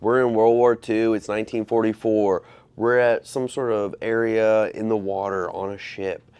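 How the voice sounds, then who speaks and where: A young man co-hosts a casual movie review chat. He recaps the plot in a relaxed way, dropping in plenty of yeahs as he goes. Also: lowish voice, normal speed, smooth. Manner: laid-back plot recap, frequent yeahs.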